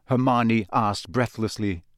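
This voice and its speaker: A man narrating an audiobook with clear, expressive storytelling. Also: lowish voice, takes it slowly, no room sound, clean studio sound. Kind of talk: scripted narration.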